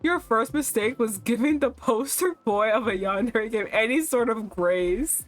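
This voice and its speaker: A woman streaming a dating game, reading its text aloud and reacting with animated, laughing remarks. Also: on the high side, unhurried, soft background music.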